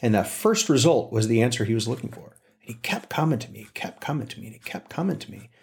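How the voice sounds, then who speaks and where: A middle-aged man in casual conversation, telling workplace stories and acting out the quotes with lively shifts. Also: mid-range voice, quick pace, vocal fry. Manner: animated storyteller, acts out quotes.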